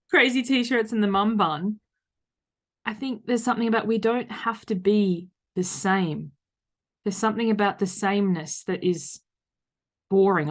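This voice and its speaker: Hosting her own podcast, an Australian coach in her thirties gives a reflective solo monologue. Her mid-range voice is loud, and her tone frank and conversational.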